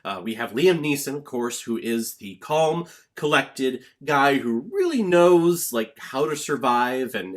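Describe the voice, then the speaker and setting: A man's voice: medium pitch, fairly bright tone. A young man giving a casual movie review vlog, blunt and opinionated with jokey rants.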